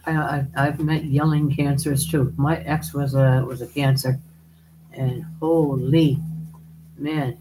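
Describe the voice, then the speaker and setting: A woman's voice: low-pitched, a little mellow, a little hiss or hum, low-quality recording. A woman hosting a live stream, chatting casually, laughing often and calling viewers darling as she reads their comments.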